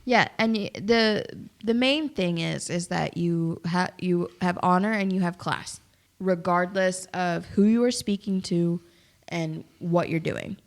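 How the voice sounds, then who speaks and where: A young woman co-hosting a movie review podcast, chatting casually, quick to tease and go off on tangents. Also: fairly low pitch. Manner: quick, tangent-prone, teasing. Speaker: podcast co-host.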